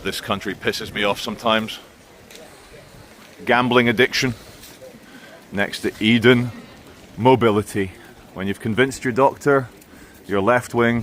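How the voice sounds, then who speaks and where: A man's voice: medium pitch, a bit bright, a little hiss or hum. A man giving blunt, sarcastic commentary in a vlog while walking outdoors through town streets. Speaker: vlogger.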